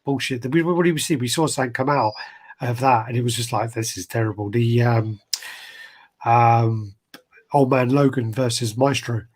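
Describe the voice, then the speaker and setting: A man's voice: medium pitch, normal speed. A man co-hosting a casual chat, frank and mocking, acting out what others said. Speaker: co-host. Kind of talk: casual chat about collectible statues.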